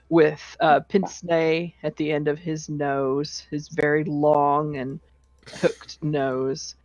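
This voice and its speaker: A game master narrating a tabletop game in a relaxed, hesitant way, with many fillers. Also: medium pitch, dry recording. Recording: dull, slightly lo-fi online call audio.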